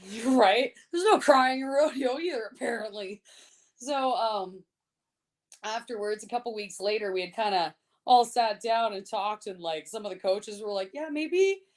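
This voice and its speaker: A woman guest on a podcast, telling a story in casual chat, swearing often and talking in a lively, laughing way. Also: mid-range voice, moderate pace.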